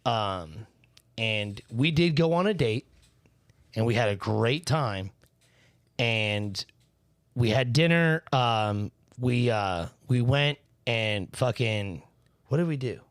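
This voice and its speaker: A man from Northern Kentucky tells stories in a laid-back podcast chat, swearing casually. His voice is mid-pitched and recorded dry and close. He talks with an easy, unhurried flow. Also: animated, no echo. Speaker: podcast co-host.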